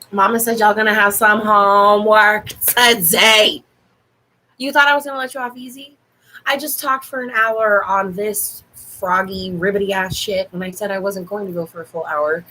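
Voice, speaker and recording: A woman's voice: mid-range voice, bright, forceful tone, a little hiss or hum, rough recording. A woman hosting a casual livestream from home into a laptop mic, playful and laughing often, swearing freely. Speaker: online show host. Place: home room.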